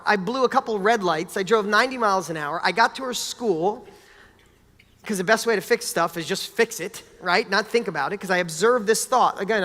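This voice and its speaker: A man giving a motivational talk, telling a personal story in an energetic, animated way with casual swearing. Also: sits high. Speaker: motivational speaker. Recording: long hall reverb.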